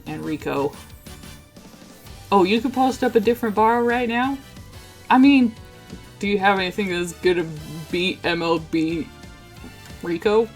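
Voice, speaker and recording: A woman streamer with a fairly low voice talks in a relaxed, chatty way, chuckling as she addresses her chat and reads game text aloud. Soft game music plays faintly behind her. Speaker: livestreamer.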